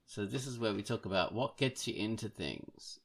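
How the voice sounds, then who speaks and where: A man's voice: on the low side, normal speed, vocal fry, fairly bright tone. A man hosting a podcast in a playful, casual way, sometimes slipping into a sing-song voice. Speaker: podcast host.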